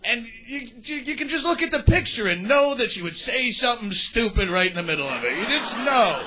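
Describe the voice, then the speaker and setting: A man's voice: extremely high pitch, sing-song, fairly quick, slight background noise. A male stand-up comedian with a crude, rambling manner, bantering with the crowd from a comedy club stage. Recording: live club recording with loud crowd. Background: audience laughter.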